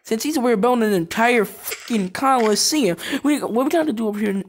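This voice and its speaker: A woman doing let's play commentary on a game, excitable and prone to shouting and laughing. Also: a little high, fairly quick, slight background noise. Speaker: gameplay commentator.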